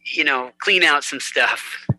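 A man's voice: on the high side, slow, bright, forceful tone, dry recording, poor audio. A man who is a musician guest in an interview, chatting and telling stories, laughing easily and repeating words. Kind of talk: conversational interview.

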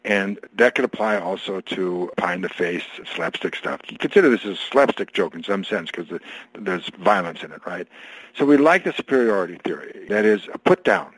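A man being interviewed as an author guest, talking in an animated storytelling way and telling jokes. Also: low-pitched, normal speed, slightly rough, no echo, low-quality recording. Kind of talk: radio interview conversation.

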